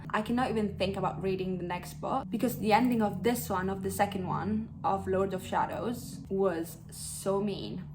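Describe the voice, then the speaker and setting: A young woman chatting casually about books she loved, expressive and gushing, swearing freely. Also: mid-range voice, slight background noise, poor audio. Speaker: book vlogger. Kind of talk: casual book review chat.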